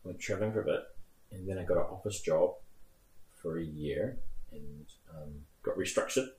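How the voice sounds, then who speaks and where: A guest on the recording, a New Zealand man in his thirties, speaks in a low voice at an ordinary pace. He rambles animatedly through stories in casual conversation, laughing as he tells them. The room gives his voice a noticeable echo.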